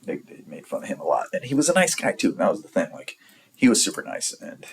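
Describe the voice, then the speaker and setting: Forty-something guy, raspy and gravelly, cursing a lot while he rambles through an old story. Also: medium pitch, sing-song, fast talker, poor audio. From San Diego area, California. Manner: profane, rambling, blunt. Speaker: storyteller vlogger. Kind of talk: casual storytelling.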